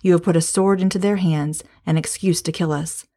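Desperate, beaten workmen begging for mercy and then lashing out with blame, read by a woman. Her voice stays low and mellow, with a soft, dark tone. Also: fairly even intonation, brisk. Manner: begging, accusing. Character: desperate beaten male work foremen.

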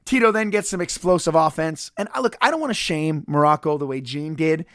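A man's voice: fairly high pitch, fairly quick, a bit bright, dry recording, studio quality. A man reviewing a wrestling match in casual solo podcast commentary, profane, sarcastic and rambling.

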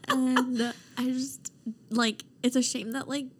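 A young woman with a slightly high, husky voice. She co-hosts a casual chat, tossing in quick quips and filling her sentences with "like". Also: little pitch movement. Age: young adult. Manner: quick quips and lots of "like" fillers. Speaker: podcast co-host.

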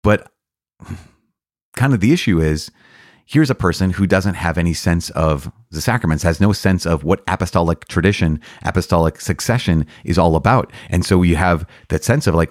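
Priest, male host, deep voice, earnest and eager teaching delivery with repetitions, dry studio sound. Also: normal speed, no room sound. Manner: earnest, enthusiastic, with frequent restarts and repetitions. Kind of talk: catechism commentary.

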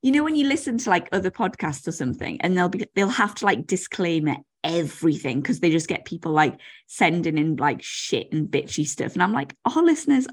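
A woman's voice: on the low side, lively intonation, brisk, few pauses, slightly rough. A woman co-hosting a podcast, chatting casually with plenty of fillers and the odd swear word. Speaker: podcast co-host. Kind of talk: casual chat.

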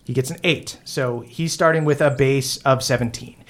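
A man's voice: mid-range voice, moderate pace, noisy background. A man narrating as game master in a casual way, with laughing asides.

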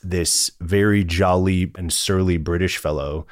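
A man's voice: deep voice, fairly even intonation, measured pace, no room sound, studio quality. A man, a partner at an executive search firm, speaking in a conversational interview with an earnest, polished business manner.

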